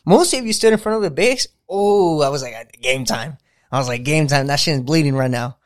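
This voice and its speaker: A young man hosting a casual podcast interview, excitable and full of slang, laughing often. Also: on the high side, fairly quick, dry recording, studio quality. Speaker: podcast host.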